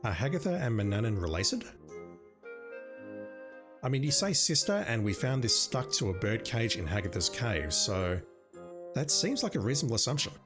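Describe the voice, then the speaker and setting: A man's voice: lowish voice, very animated, fairly quick. A man casually thinking aloud with wry asides while playing an adventure game, with game music behind. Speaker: let's-play gamer. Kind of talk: casual gameplay commentary.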